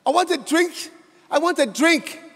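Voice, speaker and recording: A man's voice: very high-pitched, unhurried, a bit bright, heavily acted. A preacher voicing a tormented rich man in hell, pleading desperately in a sermon. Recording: long hall reverb.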